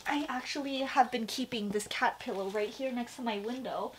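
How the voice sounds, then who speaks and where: A young woman chatting casually at home as a vlogger, gushing and excitable, with lots of fillers. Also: a little high, normal speed, breathy edge. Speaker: vlogger showing a shopping haul. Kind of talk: casual chat.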